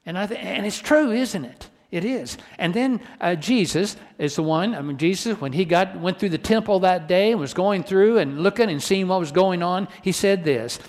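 A man's voice: high voice, animated, moderate pace, hardly any pauses, darkish tone, long reverb tail. A pastor preaching a sermon in earnest, asking the congregation rhetorical questions and often restarting his sentences.

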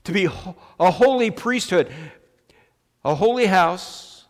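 A man preaching a sermon as pastor, slow and emphatic, restarting his phrases often. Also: high-pitched, animated. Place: church sanctuary. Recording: long church reverb.

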